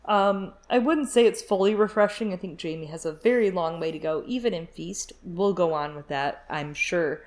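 A woman co-hosting a podcast, chatting casually and jokingly about a book series. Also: lowish voice. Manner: chatty, jokey, puts on quick voices. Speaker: podcast co-host.

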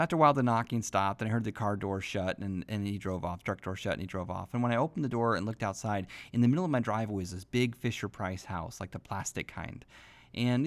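Guy on a faith podcast, folksy storyteller, gets preachy and fired up, middle pitch. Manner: folksy, earnest, preacher-like exhortation. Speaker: podcast host. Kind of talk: devotional storytelling.

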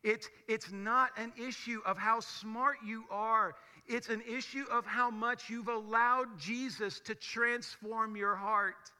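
A man's voice: sits high, fairly even intonation, slow, few pauses, sharp tone, clean tone. A male pastor with a raised, ringing voice preaches to his congregation. He talks conversationally but presses his points with rhetorical questions. His words carry the long echo of a large church sanctuary. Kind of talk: sermon. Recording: long hall reverb of a church.

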